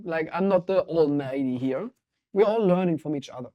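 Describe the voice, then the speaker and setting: A man with a German accent, a guest in a podcast interview, talking in an energetic, intense and emphatic way. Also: sits high, moderate pace, lo-fi sound. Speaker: guest, water sommelier.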